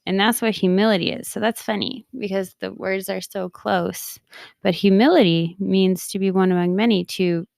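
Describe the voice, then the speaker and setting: A woman's voice: medium pitch, steady tone, moderate pace, gravelly, darkish tone, no room sound, clean studio sound. A woman in her thirties, a podcast host and coach, talking casually and often laughing at herself. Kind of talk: casual personal talk.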